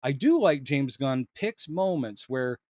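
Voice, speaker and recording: A man co-hosting a casual film discussion podcast, animated and quick to act out lines he quotes, laughing often. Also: mid-range voice, no echo. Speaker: podcast co-host.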